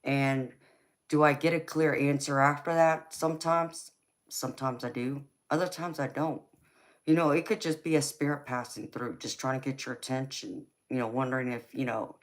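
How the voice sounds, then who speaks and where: A woman with a Southern US accent, a tarot reader chatting through a live reading, reassuring and loose, with lots of "you know". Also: very deep voice. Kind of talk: live-stream tarot reading, answering chat.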